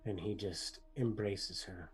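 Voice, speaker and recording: A man narrating a tabletop game as game master, painting scenes slowly with restarts and filler words. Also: low-pitched, husky. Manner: slow, descriptive narration with frequent restarts and softening fillers.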